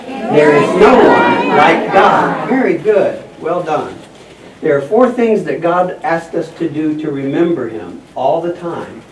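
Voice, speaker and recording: A man's voice: on the high side, darkish tone. A man playing a friendly scribe teacher and farmer in a church children's skit, leading the kids in call-and-response. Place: church hall. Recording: echoey, distant mic, noisy room.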